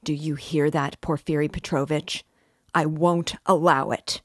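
A woman's voice: low voice, measured pace, no room sound, clean studio sound. A woman voicing a furious young student. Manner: loud, insistent, defiant. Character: overwrought young male student at breaking point.

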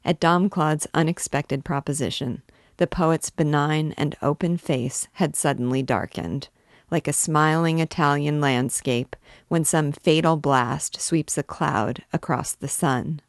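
A woman narrating a classic novel aloud in a measured, even storytelling manner, recorded on a close mic. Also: low voice, dry recording. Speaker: book reader and teacher. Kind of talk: audiobook reading of a classic novel.

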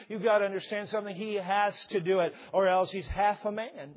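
A man's voice: sits high, steady tone, brisk, lo-fi sound. A middle-aged man preaching a sermon with jokes, often putting on the voices of husbands and wives. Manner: joking, acts out couples' voices. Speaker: pastor. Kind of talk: humorous sermon.

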